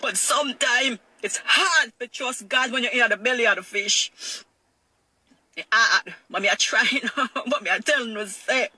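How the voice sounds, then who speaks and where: A middle-aged woman with a Jamaican accent tells her own story of hardship. Her voice sits high and very bright, and the recording is dry and close. She talks in a raw, emotional way, circling back over the same words. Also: husky, no echo. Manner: raw and emotional, repeats phrases, slows when hurt. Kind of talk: emotional personal testimony.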